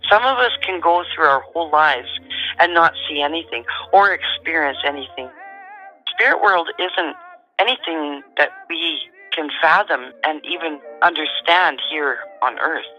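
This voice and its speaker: A middle-aged woman, calmly and matter-of-factly telling a personal story as a guest. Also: sits low, unhurried, dull audio, faint music behind. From Canada. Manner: calm, matter-of-fact storyteller.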